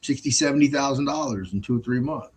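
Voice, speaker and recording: An excitable buddy , put on by a man, brags in a raised, eager voice. He stumbles and repeats himself as the words tumble out. The voice sits clearly higher than the man's own. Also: fast, lightly acted. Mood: excited bragging. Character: excitable male buddy bragging about money.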